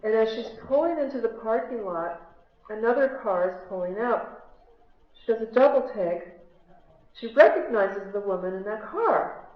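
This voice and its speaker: In a large hall full of listeners, a US spiritual speaker with a slightly high voice and lively intonation talks at a moderate pace, telling stories and chatting with the crowd through questions. The lo-fi, echoey audio was caught on a handheld MP3 player among the audience.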